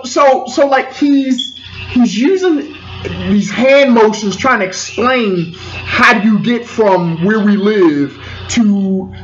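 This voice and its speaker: A man's voice: high-pitched, a bit bright. A man in his forties telling a personal story, repeating phrases and stumbling over restarts. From Washington DC area. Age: 40s. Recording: dull lo-fi sound with faint music.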